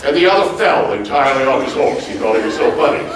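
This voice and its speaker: A man's voice: medium pitch, fast, noisy background. A man playing a hearty, bookish old-time president. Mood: spirited. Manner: animated, quizzes the audience with lively questions; formal, old-fashioned turns of phrase. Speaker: historical reenactor on stage. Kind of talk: live one-man stage portrayal. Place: large auditorium stage before a live audience. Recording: very echoey hall, mic far off.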